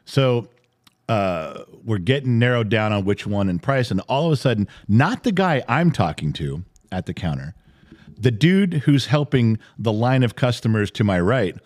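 A middle-aged man co-hosting a podcast, telling a story in casual chat, animated and swearing freely. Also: lowish voice, moderate pace. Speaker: podcast co-host, father.

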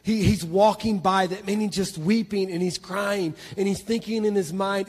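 A man preaching a sermon, telling a story with heavy repetition and sudden drops from loud to hushed. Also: sits high, steady tone, normal speed, hardly any pauses, in a large hall. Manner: emphatic, repeats words, swings between loud and hushed. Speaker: pastor. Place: church hall.

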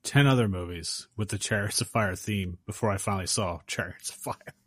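A man's voice: lowish voice, a little fast, slightly rough, no echo. A man co-hosting a movie podcast, agreeable and steering the segments. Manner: dry, agreeable, runs segments. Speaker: podcast co-host. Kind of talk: casual podcast chat.

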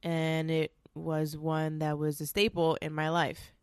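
A woman's voice: deep voice, completely flat delivery, a little slow, a little mellow, clean tone, dry recording, studio quality. A woman hosting her own show, telling a personal story in a candid, chatty, confiding way. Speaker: podcast host. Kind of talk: casual solo storytelling.

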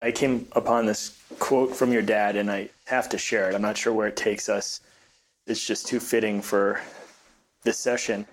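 A male host with a fairly low voice leads a conversational interview. His questions wander and muse before landing on their point. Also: level tone, moderate pace.

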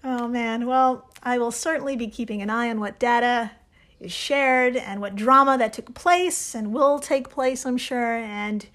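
A woman's voice: fairly high pitch, a little slow, fairly bright tone. A woman hosting a podcast in casual chat, laughing easily and sounding enthusiastic. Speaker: podcast host.

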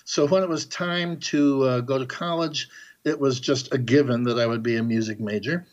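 Man, middle-aged, podcast guest, animated storyteller, mid pitch. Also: normal speed, highs cut off. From Chicago area, US. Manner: animated storyteller, acts out quoted characters. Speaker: guest composer.

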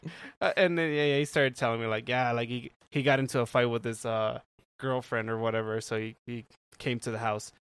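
A man's voice: medium pitch, fairly even intonation, fairly quick, a bit bright, smooth, no echo. A young man telling a story on a casual podcast chat, rambling with lots of "like" fillers and frequent laughs. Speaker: podcast co-host.

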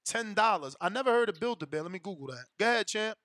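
High-pitched guy hosting a call-in show, loose slangy talk, dry close sound. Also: lively intonation, quick pace, sharp tone, no echo. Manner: loose and direct, street slang.

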